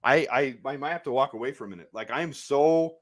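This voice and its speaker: This sports watch party host has a medium-pitched voice and a fairly quick delivery. He follows the game play by play, ranting in agitation and shouting angrily at the refs.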